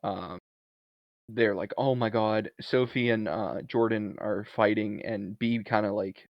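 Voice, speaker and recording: A podcast co-host recaps a movie in a casual, animated way, slipping into the characters' lines as he goes. His creaky, lowish voice moves a little slowly, and the dull lo-fi recording is dry with no room sound.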